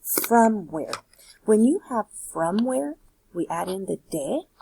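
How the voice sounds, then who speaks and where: Gravelly-voiced woman teaching Spanish. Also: mid-range voice, a little mellow, no room sound, low-quality recording. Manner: explains step by step, asks rhetorical questions. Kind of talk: recorded worksheet lesson.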